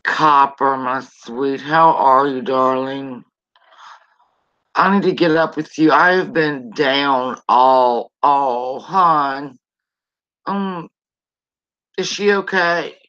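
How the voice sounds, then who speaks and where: A middle-aged woman hosting a casual live stream, chatting warmly and greeting viewers by name. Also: rumbling low, extremely slow, long pauses. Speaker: livestream host. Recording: dull lo-fi stream audio.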